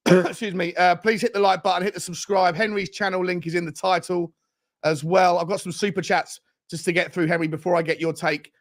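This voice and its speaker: A man hosts a fan livestream in an excitable, slangy way. His voice sits high and has a gravelly, fried edge. He rattles through viewer messages with plenty of hype. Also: fairly quick. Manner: excitable, hyped, slangy banter. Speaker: fan show host. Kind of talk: livestream chat reading super chats.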